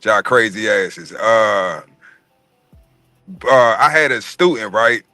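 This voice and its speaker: A man's voice: lowish voice, takes it slowly, dry recording, faint music behind. A man around forty, telling a profane story in casual chat and acting out every voice. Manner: profane, animated, acts out every voice.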